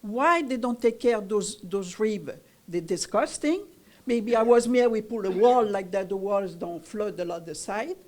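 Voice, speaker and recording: Speaking at a moderate pace in a mid-range voice, a resident delivers public comment at a community meeting, complaining emphatically. She's an older Italian-born woman, native in Italian, who grew up in France and uses broken English with a French accent.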